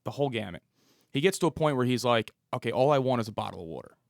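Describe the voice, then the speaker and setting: A man in his thirties tells a story from his work as a police officer, slipping into the voices of the people in it. His voice has a gravelly, creaky edge and is recorded close and dry, with no room sound. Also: medium pitch, expressive, rapid-fire, dry recording. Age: 30s. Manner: vivid storyteller who acts out the dialogue. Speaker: police officer, podcast guest. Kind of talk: storytelling interview.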